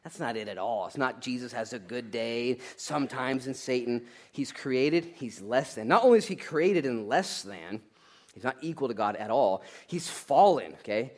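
A man preaching a sermon in a lively, conversational way, laughing now and then and building to emphatic, loud peaks. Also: medium pitch, normal speed. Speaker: pastor.

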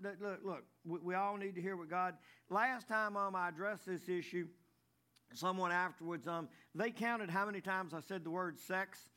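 Preacher guy, kinda high voice, folksy, repeats himself a lot. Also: moderate pace, pushed and bright. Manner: folksy, repeats words, tells jokes. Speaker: pastor. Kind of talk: sermon.

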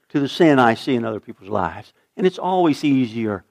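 An older man preaching a sermon, earnest, swinging from loud emphasis to hushed asides. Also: medium pitch, sing-song, fairly quick, gravelly, hardly any pauses. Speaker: pastor.

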